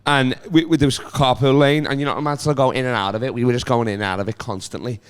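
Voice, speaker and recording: Young Liverpool man, smooth storyteller. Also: mid-range voice, fairly even intonation, quick pace. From Liverpool, England. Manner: rambling storyteller, swears a lot, laughs. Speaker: comedian telling stories. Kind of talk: casual podcast chat.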